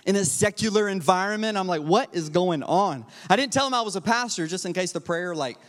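A man preaching with a high voice, mixing jokes and personal stories into his sermon. He drops into quiet asides, then builds to loud, rousing calls to the congregation. His voice rings out with a long reverb, as in a church sanctuary. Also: brisk. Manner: energetic and humorous, swings from quiet asides to loud exhortation. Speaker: pastor.

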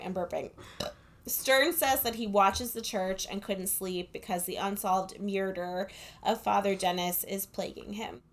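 Chatty, sarcastic woman recapping a film. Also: mid-range voice. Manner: chatty, sarcastic, laughs often. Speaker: podcast co-host. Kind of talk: casual chat recapping a film. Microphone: headphones with a corded mic.

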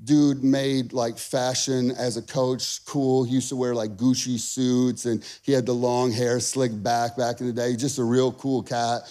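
A male pastor preaching a sermon, energetic and emphatic, repeating phrases for punch and throwing in casual asides to the congregation. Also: mid-range voice, unhurried, few pauses.

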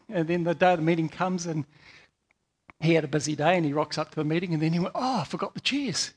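A man preaches a sermon in a loose, conversational way. His voice sits high for a man, and he stumbles and repeats words as he tells homely anecdotes.

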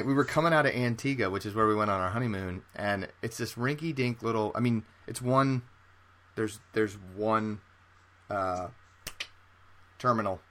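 A man with a fairly low voice chats on a podcast, wandering through his story with lots of restarts and filler words. A faint hiss of background noise sits under his voice. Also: a bit bright. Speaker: podcast co-host. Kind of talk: casual chat.

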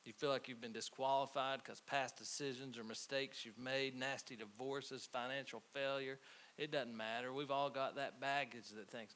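A man preaching a conversational sermon, telling stories with halting restarts. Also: medium pitch, steady tone, fairly bright tone. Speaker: pastor. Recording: faint hiss.

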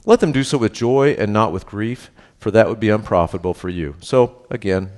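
A middle-aged pastor with a fairly low voice delivers a sermon. He reads verses and then talks them through in an easy, conversational way. He keeps asking "right?" and makes light of himself. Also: brisk, a little mellow. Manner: conversational preaching with tag questions and self-deprecating humor.

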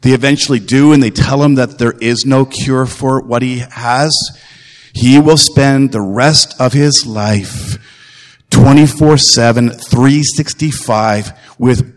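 A man's voice: mid-range voice, steady tone, slow pace, in a large hall. A man preaching a sermon as pastor, earnest and emphatic, repeating phrases and putting direct questions to his listeners.

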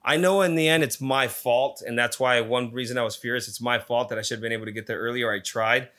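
A man's voice: mid-range voice, steady tone, quick pace, pushed and bright. A man casually telling a story, swearing constantly and retelling it with energy.

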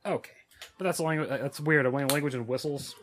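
A man's voice: mid-range voice, quick pace, a bit bright, a little hiss or hum. A man hosting a casual podcast chat, offhand and loose as he brings up clips. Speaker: podcast host presenting clips.

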